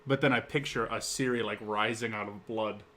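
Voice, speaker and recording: A young man co-hosting a casual talk show, rambling and swearing as he pitches ideas. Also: fairly even intonation, a bit bright, a little hiss or hum. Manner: rambling, profane, quick-talking. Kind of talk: casual chat.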